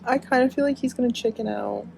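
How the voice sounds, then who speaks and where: A woman's voice: fairly high pitch, fairly even intonation, quick pace, vocal fry, a little mellow, a little hiss or hum, low-quality recording. A young woman book vlogger chatting casually and emotionally about a book she is reading, full of fillers. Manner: gushing and emotional, with frequent fillers.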